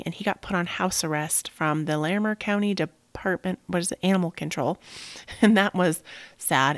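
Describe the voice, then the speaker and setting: A woman's voice: deep voice, gravelly, no echo. A woman in her thirties, a podcast host, telling a personal story at home in a candid, chatty way, swearing casually and saying "like" a lot.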